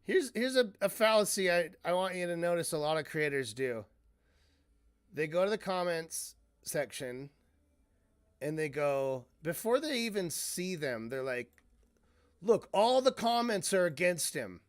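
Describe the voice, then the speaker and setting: A man's voice: a little high, animated, measured pace, smooth, no echo, studio quality. A man giving casual reaction commentary as a streamer, rambling, cutting himself off mid-sentence and swearing freely.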